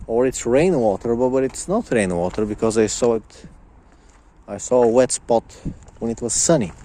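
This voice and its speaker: A man's voice: mid-range voice, mellow. A young man in a casual vlog, ranting angrily with lots of swearing and repetition. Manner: angry, profane, repetitive ranting. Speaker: vlogger.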